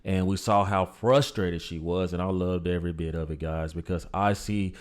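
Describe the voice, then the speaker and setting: A man with a fairly low voice hosts a reaction show. He talks emphatically and opinionatedly, and keeps calling his viewers "guys." He speaks. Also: steady tone, moderate pace. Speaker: commentary channel host. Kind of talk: reaction commentary.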